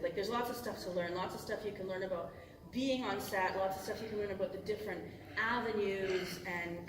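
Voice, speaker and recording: A middle-aged voice actress talking casually on a convention panel, rambling and breaking off mid-thought, swearing and laughing often. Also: female voice, medium pitch. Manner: rambling and self-interrupting, cusses, laughs often. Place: large convention hall. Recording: echoey hall from far off, noisy.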